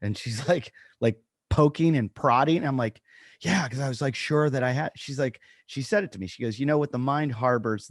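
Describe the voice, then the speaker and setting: A man's voice: medium pitch, no echo, studio quality. A man co-hosting a podcast, telling a funny story in casual chat and acting out the quotes. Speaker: podcast co-host, comedian.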